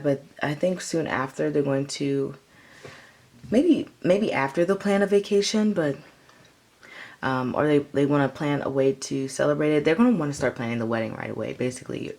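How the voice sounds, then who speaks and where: A woman's voice: extremely low pitch, vocal fry, a little mellow. A woman giving a casual, rambling tarot reading, full of "like" and "um". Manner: rambling, filler-heavy, lots of "like" and "um". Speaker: tarot reader.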